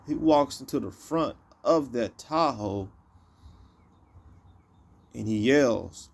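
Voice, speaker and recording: A man's voice: medium pitch, lively intonation, slow pace, vocal fry, long pauses, a little hiss or hum. A man recounting a personal event in casual, repetitive storytelling, often circling back with "you know" and "like I say.".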